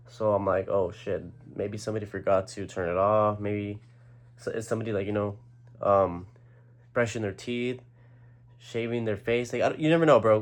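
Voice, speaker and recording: A young man casually telling a rambling story, full of slang and fillers. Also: on the low side. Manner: rambling, slangy, lots of "like" and "bro".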